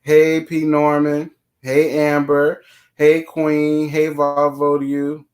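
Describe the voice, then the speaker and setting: A man's voice: a little high, monotone, slow pace, darkish tone. A man hosting a casual live stream, greeting chat viewers by name and giving blunt, sassy commentary full of swearing.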